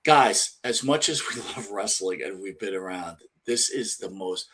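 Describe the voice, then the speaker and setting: A man's voice: low voice, measured pace, pushed and bright, slightly rough. A man co-hosting a wrestling podcast, talking in a loose, profane, rambling way as he retells scenes. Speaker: podcast co-host. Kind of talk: casual chat.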